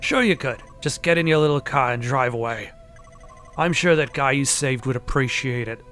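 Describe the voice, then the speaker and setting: A man's voice: mid-range voice, moderate pace, a bit bright, soft background music, natural voice. A man voicing a grumpy, unhelpful male caretaker in a video game, with an exaggerated bad Australian accent and a curt, dismissive way of talking.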